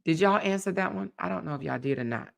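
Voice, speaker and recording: A woman's voice: lowish voice, animated, quick pace, creaky. A woman, chatting casually and laughing with viewers on a livestream. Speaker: livestream host.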